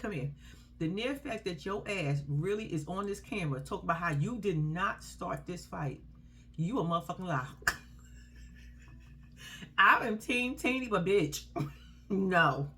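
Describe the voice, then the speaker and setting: A woman's voice: lowish voice, expressive, unhurried, pauses often, fairly bright tone, slight background noise. A woman giving casual, blunt, profane commentary on a reality show, laughing often as she tells the story. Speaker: reality TV recap host.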